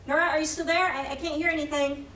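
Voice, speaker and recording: Bubbly young beach friend, played by a woman, high and upbeat, roomy theatre from far off. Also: fairly even intonation, fast, fairly bright tone, slight background noise. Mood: gushing. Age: young adult. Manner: gushing, upbeat. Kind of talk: staged play reading.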